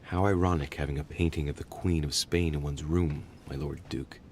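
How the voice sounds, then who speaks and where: A deep, composed young aristocrat. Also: male voice, steady tone, normal speed, slight background noise. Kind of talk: video game voice acting.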